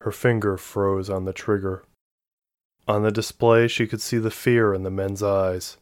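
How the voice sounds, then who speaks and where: A man reading an action story aloud with steady, dramatic narration. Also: on the low side, measured pace, no room sound. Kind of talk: scripted audiobook narration.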